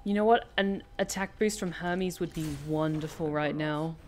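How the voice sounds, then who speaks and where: A woman streaming a video game, chattily thinking aloud and reacting excitedly. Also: low-pitched, moderate pace, a little hiss or hum. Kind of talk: live game commentary.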